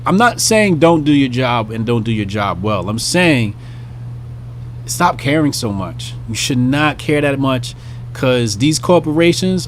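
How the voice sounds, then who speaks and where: A man's voice: medium pitch, a little hiss or hum. A man hosting his own commentary channel, talking bluntly and profanely in a casual monologue and acting out small scenes. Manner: blunt, profane, animated, acts out bits of scenes.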